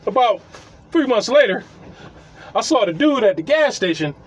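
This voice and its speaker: Landlord dude telling a funny story, husky, voice bouncing all over, laughing a lot. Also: male voice, extremely high pitch, big pitch swings, normal speed. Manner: laughs often, repeats "he was like" while acting out people. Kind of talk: comedic storytelling.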